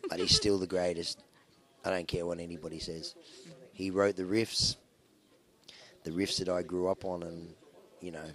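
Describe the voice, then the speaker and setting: A man with a very low voice, chatting through an interview. He tells long rambling stories about his band, full of fillers and restarts. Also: flat delivery, moderate pace, a bit bright. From Australia. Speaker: rock band musician interviewed. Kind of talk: casual interview storytelling.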